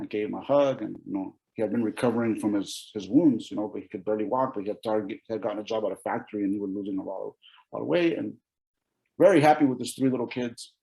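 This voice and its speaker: A man in his forties from Oregon gives a keynote testimony about his own life. His voice is gravelly and dark, with a mellow edge. He tells it with feeling, restarting sentences and acting out what people said. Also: on the low side, poor audio. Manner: emotional storytelling with many restarts and quoted dialogue. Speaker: keynote speaker. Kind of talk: personal testimony speech.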